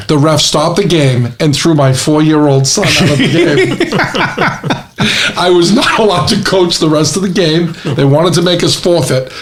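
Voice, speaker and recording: A middle-aged man from New England with a slightly high voice spins a comedic anecdote. He talks casually and keeps laughing at his own jokes as he goes. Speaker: podcast co-host.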